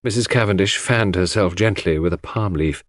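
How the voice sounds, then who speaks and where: A man reading a classic mystery aloud in measured, expressive narration. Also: low voice, dry recording, studio quality. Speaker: audiobook narrator.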